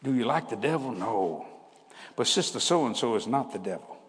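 Older man preaching with laughs, lively pitch. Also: normal speed. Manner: folksy, laughs often, swings between loud bursts and hushed asides. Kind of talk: humorous storytelling sermon. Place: church hall. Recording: hall reverb with faint background noise.

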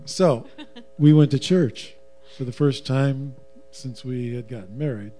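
Middle-aged guy telling a story, very dark mellow voice, dry humor, faint music behind. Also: medium pitch, a little slow. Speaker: guest, husband, former professional musician. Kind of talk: casual personal storytelling.

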